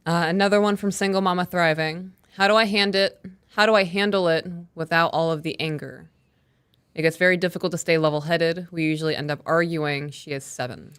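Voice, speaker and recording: A woman co-hosting a podcast live stream, reading listener questions and calmly explaining how she handles her kids. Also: on the low side, clean tone. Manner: calm, measured, reads out listener questions. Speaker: podcast co-host. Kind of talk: casual live-stream Q&A chat.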